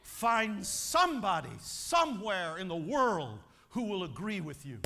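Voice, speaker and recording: A man's voice: sits high, big pitch swings, a little slow, sharp tone, slight background noise. A man giving an emphatic motivational speech to a convention audience, telling a story like a preacher. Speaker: motivational speaker. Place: large convention hall. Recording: long hall reverb.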